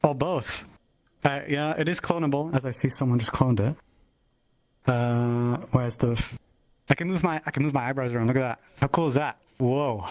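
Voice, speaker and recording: A man's voice: medium pitch, moderate pace, darkish tone, rough recording. Rambling man swearing casually. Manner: loose, swears often, rambling with restarts. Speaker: avatar creator showing his work. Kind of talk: casual show-and-tell.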